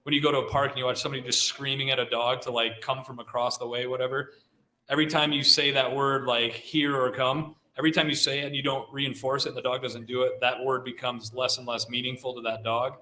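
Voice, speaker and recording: A man's voice: mid-range voice, fast talker. Chatty man speaking in a roomy hall. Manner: relaxed, chatty, many "like" fillers. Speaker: guest speaker, avalanche dog handler. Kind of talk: casual talk to a live audience. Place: talk venue with audience.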